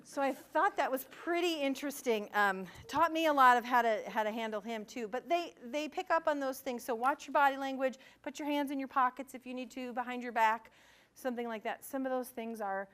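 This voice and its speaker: A woman's voice: high-pitched, fairly quick, fairly bright tone. Woman presenting a parent workshop. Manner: conversational, acts out quoted dialogue. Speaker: gifted education administrator presenting to parents. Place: school meeting room.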